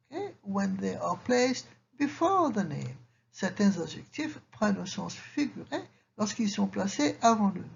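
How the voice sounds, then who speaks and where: Woman, patient grammar teacher, gravelly edge, slightly muffled recording. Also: mid-range voice. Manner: patient, explains each example in English and French, checks in with "okay?". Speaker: French teacher. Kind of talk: slide-based grammar lesson. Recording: slightly dull lo-fi recording with faint hiss.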